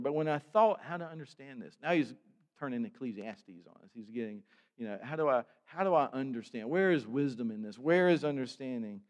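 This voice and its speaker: A man preaching a sermon, reading scripture aloud and explaining it in a conversational way, often building to louder emphasis. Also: medium pitch. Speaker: pastor.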